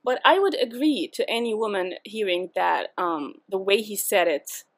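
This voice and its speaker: A woman co-hosting a podcast in casual chat, chatty and quick to laugh. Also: mid-range voice, animated. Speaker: podcast co-host.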